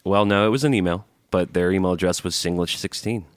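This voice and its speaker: A man's voice: low voice, fast talker, clear, resonant tone, dry recording. A man co-hosting a music podcast in casual chat, easygoing and laughing often as he reads listener emails aloud. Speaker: podcast co-host.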